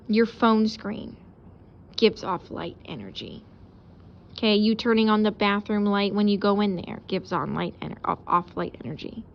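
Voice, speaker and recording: A woman teacher giving a casual recorded lesson, explaining out loud while she sketches examples. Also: medium pitch, dull audio.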